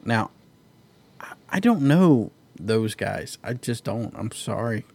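A man's voice: fairly low pitch, big pitch swings, takes it slowly, creaky, darkish tone. A man hosting a casual fight-pick chat, laid-back and joking as he runs through the card. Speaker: podcast host.

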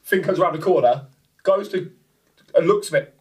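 A man on a football podcast, swearing freely and telling a lively story in casual chat. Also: on the high side, a little fast, far from the mic. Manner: swears a lot, animated anecdotes. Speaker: podcast co-host.

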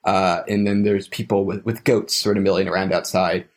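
A man's voice: deep voice, fairly even intonation, moderate pace. A young man telling a story as a podcast guest, hesitant, with frequent restarts and trailing phrases. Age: young adult. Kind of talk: casual conversational storytelling.

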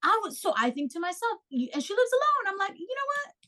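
A young woman co-host telling a story in casual chat, animated and swearing freely as she acts out quotes. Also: very high voice, fast talker.

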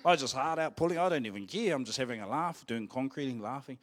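Playful New Zealand pastor preaching live. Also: male voice, mid-range voice, animated, quick pace, few pauses. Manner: playful, jokey, rallying the congregation. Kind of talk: live sermon with personal storytelling. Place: church service.

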